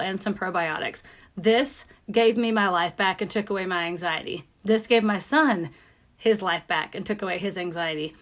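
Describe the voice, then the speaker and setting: A woman's voice: mid-range voice, a bit bright. A woman in her thirties, a nurse practitioner, giving viewers an upbeat, emphatic, chatty rundown of supplements. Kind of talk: casual product rundown to viewers.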